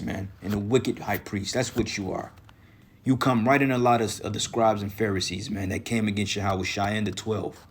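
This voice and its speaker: Scolding and swearing, this man preaches on the street against a rival religious group, repeatedly closing his lines with "man." His voice sits on the low side and sounds slightly rough.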